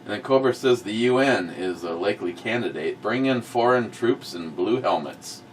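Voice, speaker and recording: A middle-aged man hosting a casual talk show, blunt and profane, swinging from muttered asides to loud outbursts. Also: on the low side, expressive, normal speed, few pauses, husky, far from the mic. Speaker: host of a review show.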